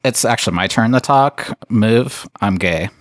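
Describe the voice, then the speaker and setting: A man's voice: on the low side, measured pace, no echo, clean studio sound. A man hosting a podcast in playful, teasing casual chat, laughing between lines. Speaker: podcast co-host.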